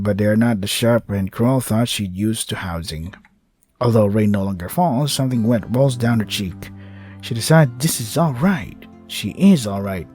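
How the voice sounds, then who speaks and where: A man's voice: medium pitch, expressive, normal speed, darkish tone, no room sound, faint music behind. A man reading a visual novel aloud and adding sarcastic commentary, often swearing and laughing. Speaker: gamer playing a visual novel.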